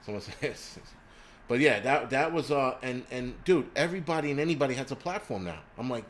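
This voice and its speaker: A man's voice: medium pitch, lively intonation, fairly quick. A man hosting a livestream, ranting crudely and rambling while he answers viewers' chat. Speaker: livestream host.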